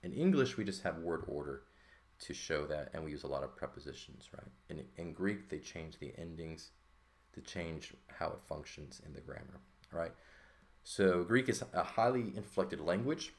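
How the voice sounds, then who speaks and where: Male Greek tutor with a deep, low voice, relaxed walkthrough style, keeps asking "right?". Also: moderate pace. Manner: explains terms with frequent "right?" check-ins and fillers. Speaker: Greek language teacher. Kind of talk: casual textbook lesson walkthrough.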